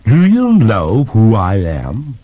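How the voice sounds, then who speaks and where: A man voicing a haughty, centuries-old female water ghost with a gurgling voice, speaking slowly and grandly on a story record. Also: lowish voice, huge pitch swings, mellow, muffled recording, exaggerated voice. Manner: slow, grand, indignant speech.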